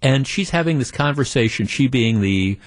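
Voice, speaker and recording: A man's voice: medium pitch, animated, moderate pace, no room sound, clean studio sound. A man hosting a talk radio show, telling a story with animation and acting out the quotes.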